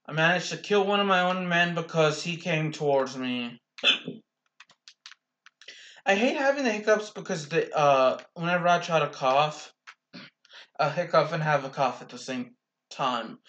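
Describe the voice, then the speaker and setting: A young man casually commentating his own gameplay, rambling slowly with restarts, bothered by hiccups and coughs. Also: on the high side, animated, a bit bright, dull audio.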